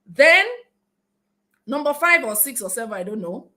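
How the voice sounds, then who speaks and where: A middle-aged woman from Nigeria with a Nigerian accent, giving an animated talk and acting out the people in her anecdotes. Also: fairly high pitch, normal speed. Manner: animated storytelling, acts out other people's voices, laughs often. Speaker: speaker.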